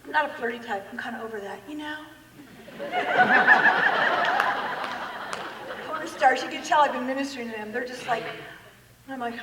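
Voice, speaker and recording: High woman speaker, lively and laughing, miked from far off in a big hall. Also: measured pace, long pauses, a crowd in the background, noisy background. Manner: lively, laughing, quotes people in acted voices. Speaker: speaker giving a talk. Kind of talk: animated public talk.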